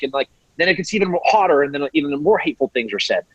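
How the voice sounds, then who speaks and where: A middle-aged American man talks with fire and mimics other voices to mock them. His voice is husky and sits a little high. The sound is dry and slightly muffled. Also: very fast, hardly any pauses, no echo. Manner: animated, acts out quoted voices mockingly. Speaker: podcast guest. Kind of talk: impassioned interview talk.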